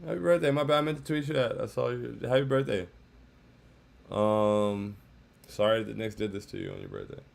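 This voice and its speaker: Hosting a casual postgame livestream, a man sounds dejected, says "bro" often, and reads chat comments out loud. His voice is on the low side, gravelly, animated and brisk.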